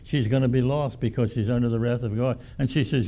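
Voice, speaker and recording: A man's voice: medium pitch, fairly quick, hardly any pauses, dark tone. A pastor preaching a sermon in a folksy, emphatic way, often repeating his words.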